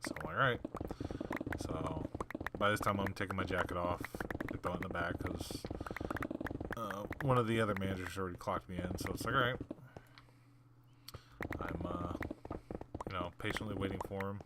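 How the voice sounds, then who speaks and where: Gaming host, male, deep voice, rambling casual storyteller; noisy recording. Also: moderate pace, pauses often. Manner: rambling, loose retelling full of "I'm like". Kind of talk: casual storytelling over gameplay. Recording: loud steady background noise with clicks.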